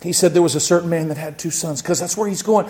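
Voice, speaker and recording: Male pastor, higher pitch, lively sermon delivery with shouted bursts. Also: quick pace. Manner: animated, shouts and acts out joyful voices.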